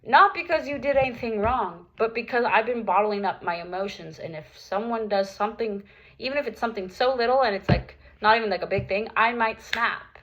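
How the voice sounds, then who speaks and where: A woman's voice: a little high, a little fast, fairly bright tone, dull audio. Earnest young woman in a candid vlog. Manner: earnest, open, lots of "like" fillers. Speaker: vlogger. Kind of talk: personal vlog, candid talk to viewers.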